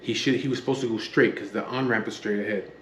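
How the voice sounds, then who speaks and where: A man's voice: fairly low pitch, fairly even intonation, quick pace, fairly bright tone, a little hiss or hum. Blunt, profane man. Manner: blunt and profane, acts out the dialogue. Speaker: storyteller recounting his past. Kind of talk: casual spoken storytelling. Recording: roomy with faint background ambience.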